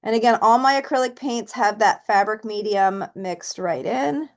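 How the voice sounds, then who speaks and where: A woman teaching a relaxed painting tutorial, chatting and thinking aloud as she works and counting softly while she stamps. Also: medium pitch, moderate pace. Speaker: painting instructor. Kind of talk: relaxed step-by-step art tutorial.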